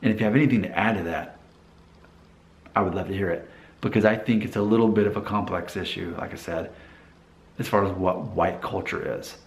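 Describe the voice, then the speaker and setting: A man's voice: low-pitched, a little fast, long pauses, roomy sound. A man in casual vlog talk, rambling a little, with restarts and asides. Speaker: vlogger. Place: Nashville.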